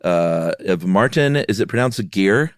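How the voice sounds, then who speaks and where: A man's voice: lowish voice, lively intonation, measured pace, no echo, studio quality. A middle-aged man co-hosting a podcast, laid-back and teasing, often laughing. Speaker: podcast co-host. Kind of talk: casual chat.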